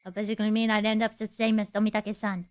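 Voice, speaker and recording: A woman's voice: medium pitch, little pitch movement, rapid-fire, a little mellow. A woman streamer reading a visual novel's text aloud, playful and giggly between lines. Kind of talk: reading game text aloud with live reactions.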